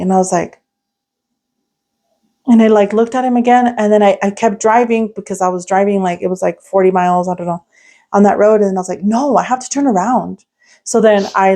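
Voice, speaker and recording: A woman's voice: medium pitch, dark tone. A young woman co-hosting a podcast, telling a story in casual chat with lots of fillers and restarts. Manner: rambling, many "like" fillers and restarts. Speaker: podcast co-host.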